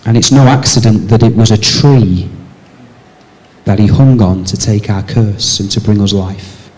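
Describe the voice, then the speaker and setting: Preaching man, emphatic then hushed. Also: unhurried, rough recording. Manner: asks the congregation rhetorical questions; moves between raised emphatic lines and soft low passages. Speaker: pastor. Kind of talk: sermon.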